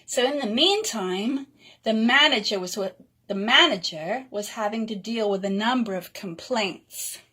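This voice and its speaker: Slow, lilting woman storyteller. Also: a little high, slightly rough. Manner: gentle, lilting, slow and expressive. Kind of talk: reading a storybook aloud to children.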